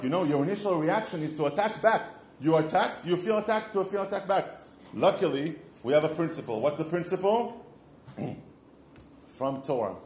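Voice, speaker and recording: Hosting a podcast on marriage, a man gives informal religious teaching, telling stories and posing questions he then answers himself. His voice sits fairly high with a darkish tone and lively intonation, at a moderate pace. The room is echoey, with slight background noise.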